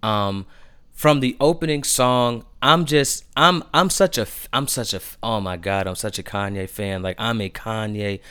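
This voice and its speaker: A man hosting a podcast, gushing about new music in casual chat, stumbling over restarts in his excitement. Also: fairly low pitch, moderate pace, clear, resonant tone. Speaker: podcast host.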